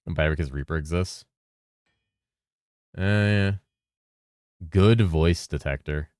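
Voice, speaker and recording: A man's voice: deep voice, takes it slowly, a little mellow, no room sound, clean studio sound. A man streaming games, chatting casually in a loose, rambling way, swearing freely and mumbling now and then. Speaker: game streamer. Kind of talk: casual live-stream chat.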